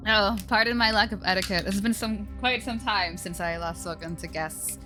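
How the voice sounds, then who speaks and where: A woman's voice: mid-range voice, normal speed, close to an everyday voice. A woman reading a polite older male zombie mastermind in a game, formal and old-fashioned in manner, over faint music. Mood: courteous.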